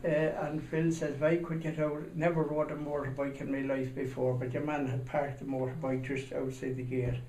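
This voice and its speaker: In a slightly high, flat voice at normal speed with few pauses, a man rambles through a funny anecdote, acting out shouting voices. The recording is noisy, made in an echoey room with the mic far away.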